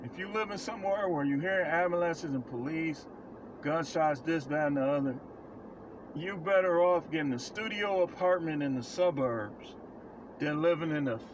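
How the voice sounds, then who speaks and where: A self-proclaimed prophet delivers a casual, emphatic monologue of life advice to camera, repeating phrases bluntly for stress. His voice is on the high side at a moderate pace, in lo-fi audio with background noise.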